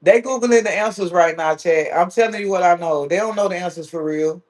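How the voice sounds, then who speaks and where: Here a male streamer is teasing the chat, reading out what viewers write while keeping things casual and playful. His high voice moves a little fast.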